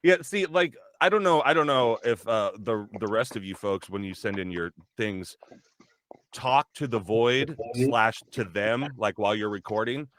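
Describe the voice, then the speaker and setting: A man's voice: medium pitch, normal speed, fairly bright tone, no echo. A man who does voice acting, chatting casually in a rambling way, often restarting his sentences and laughing at himself. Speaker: voice actor. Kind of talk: casual chat.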